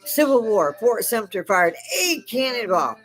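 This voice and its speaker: A woman's voice: fairly high pitch, big pitch swings, unhurried, faint music behind. An older woman delivering an angry, profane political rant, sarcastic and scornful, with bursts of mocking laughter. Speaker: livestream host.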